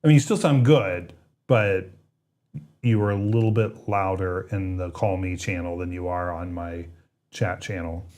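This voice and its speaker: A man's voice: deep voice, darkish tone. A man co-hosting a tech livestream, chatting casually and laughing often while testing gear. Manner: laughs often, quick and playful. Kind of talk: casual chat.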